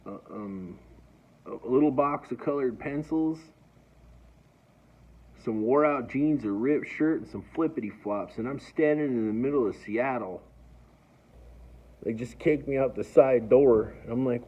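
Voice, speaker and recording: A man with a husky, slightly breathy voice tells a personal story in a loose, rambling way, stumbling over his words and circling back. The recording sounds dull and lo-fi. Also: mid-range voice, measured pace, pauses often, darkish tone. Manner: rambling, stammering restarts.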